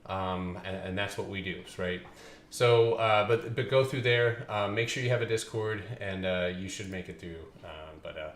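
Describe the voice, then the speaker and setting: Casual market commentary comes from a man running a stock trading livestream, who chats freely with his audience and jokes and swears while reviewing charts. He has a low voice and a moderate pace, and the room is echoey with faint ambient noise.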